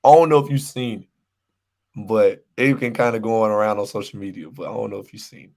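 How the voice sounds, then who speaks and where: A man's voice: on the low side, brisk. A man co-hosting a casual sports podcast, ranting with lots of repetition and laughter. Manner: animated ranting, repeats himself, laughs often. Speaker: podcast co-host.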